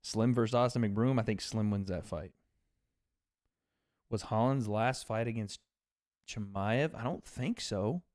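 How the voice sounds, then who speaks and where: A man's voice: fairly low pitch, a little slow, pauses often, darkish tone, no room sound, clean studio sound. Laid-back, profane man streaming from home. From Tennessee. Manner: laid-back and profane, reading out chat donations. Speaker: livestream host. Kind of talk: casual livestream chat with viewers. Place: on a couch at home, without his usual setup.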